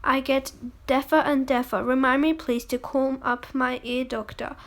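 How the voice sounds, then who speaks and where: A woman's voice: high-pitched, level tone, moderate pace. A woman voicing an eccentric, playful grown man who makes candy, reading his grand pronouncements in a storybook reading.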